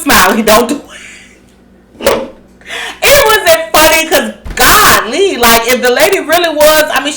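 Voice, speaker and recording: Woman, reality TV reaction host, profane, animated, highish voice. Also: reverberant, a little hiss or hum. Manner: profane, animated, acts out cast members' lines. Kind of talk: casual reality-show reaction commentary.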